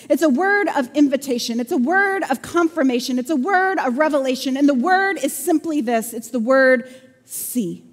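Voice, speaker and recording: A woman pastor preaching a sermon with humorous storytelling and playful sarcasm, recorded in a church hall. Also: high voice. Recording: long church-hall reverb.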